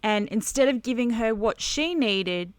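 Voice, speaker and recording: A woman teaching a devotional Bible lesson on camera while she colors, earnest and halting, with many restarts. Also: a little high, animated, clear, resonant tone, no echo. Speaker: conference speaker teaching Bible journaling.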